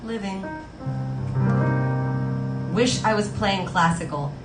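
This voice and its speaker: A woman in her 30s hosts a live stream of Disney songs played on request, casually chatting with viewers and reading their comments out. She speaks slowly in a medium pitch, in an echoey room with music playing.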